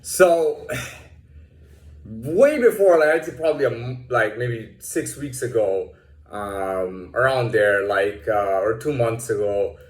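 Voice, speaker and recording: Man, lively sing-song delivery, foul-mouthed rambling storyteller, echoey room. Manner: profane, rambling, many restarts, acts out quotes in a higher voice. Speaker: vlogger telling a personal story. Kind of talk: casual rant.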